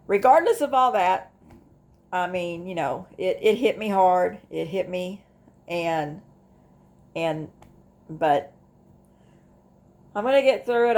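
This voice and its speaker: A middle-aged woman, talking casually to the camera in a rambling way that is full of restarts and asides. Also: mid-range voice. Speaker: vlogger. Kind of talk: casual talk to camera about grief.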